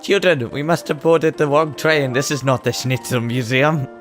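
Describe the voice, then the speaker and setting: A man voicing a fussy German mother doll with a German accent, shrill and high. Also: moderate pace, fairly bright tone, soft background music, lightly acted. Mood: flustered.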